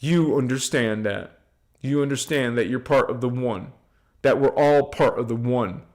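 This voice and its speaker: A man's voice: mid-range voice, unhurried, a little mellow. A man giving an informal spiritual talk to viewers, emphatic and repetitive, chanting affirmations and lists of names. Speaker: spiritual channel host.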